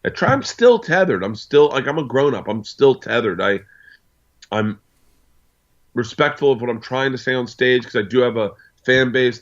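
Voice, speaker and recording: A man's voice: mid-range voice, a bit bright, muffled recording. A man in his forties, a guest on an interview show, telling rambling anecdotes full of asides. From United States. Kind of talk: casual storytelling.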